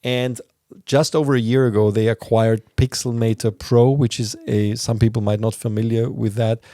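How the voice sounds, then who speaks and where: A man's voice: medium pitch, steady tone, normal speed, dark tone. A man hosting a podcast, explaining news in a casual, rambling way with plenty of fillers. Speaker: podcast host.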